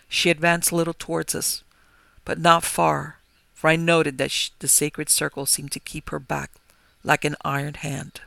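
A man narrating a gothic horror story in a measured, grave manner. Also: on the high side, level tone, creaky, no echo. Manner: measured, grave, rising to forceful cries. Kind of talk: dramatic gothic story reading.

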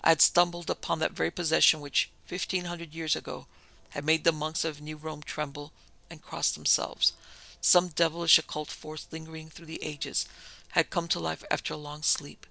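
A man narrates a gothic tale in a measured, somber voice. His tone is deeply gravelly and sharp, pitched a little high. He keeps an even, flat delivery throughout. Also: poor audio. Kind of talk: audiobook narration of a gothic story.

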